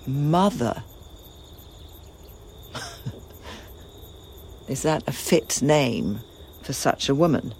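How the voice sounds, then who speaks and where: A woman playing a grieving, defiant young princess in a classical drama, with a breathy voice and impassioned lament. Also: rumbling low, lively intonation, a little mellow, slight background noise, exaggerated voice. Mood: bitter. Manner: impassioned lament, slow and swinging.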